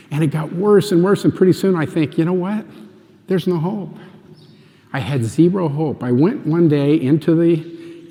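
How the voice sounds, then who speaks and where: A man's voice: a little high, dark tone, big-room sound. Earnest man telling his testimony. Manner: earnest, emotional, acts out dialogue. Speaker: speaker giving a faith testimony. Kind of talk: personal testimony storytelling.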